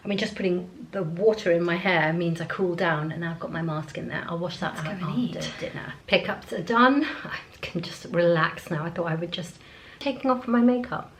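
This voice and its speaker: A woman's voice: lowish voice, fairly quick, rough recording. A woman chatting to camera as a beauty vlogger, rambling on while she gets ready at home. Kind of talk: casual chat to camera. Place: at home, indoors.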